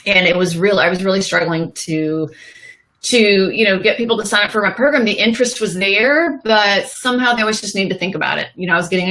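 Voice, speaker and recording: A woman's voice: mid-range voice, brisk, poor audio. A woman coaching other women, chatting in an interview and acting out the voices in her story. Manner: animated storytelling, acts out quotes. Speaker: guest, business coach. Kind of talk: casual interview chat.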